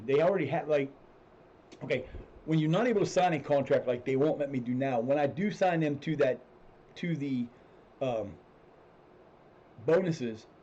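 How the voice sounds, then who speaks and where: A man's voice: medium pitch, dark tone, husky, highs cut off. A man streaming a football management game, chatting casually as he plays, often restarting his sentences and cursing when things go wrong. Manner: rambling, restarts sentences, swears when frustrated. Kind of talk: casual gameplay commentary.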